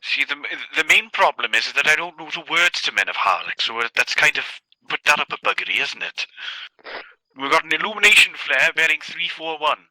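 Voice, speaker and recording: A man's voice: on the high side, sing-song, brisk, bright, forceful tone, a little hiss or hum, poor audio. A man on game voice chat, trading wry banter between tactical callouts. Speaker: player. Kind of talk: gaming voice chat.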